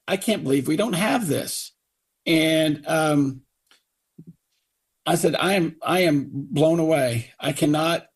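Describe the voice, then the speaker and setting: A man's voice: on the high side, gravelly, husky. A middle-aged man, a victim's father, angrily retelling events on talk radio and acting out what others told him. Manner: indignant, quotes others in put-on voices.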